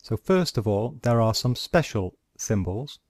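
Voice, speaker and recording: Male teacher, lowish voice, very slow measured delivery, dry close sound; walks learners through symbols. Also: sing-song, darkish tone, no echo. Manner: slow, deliberate, explaining step by step. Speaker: language teacher. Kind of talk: screen-recorded pronunciation lesson.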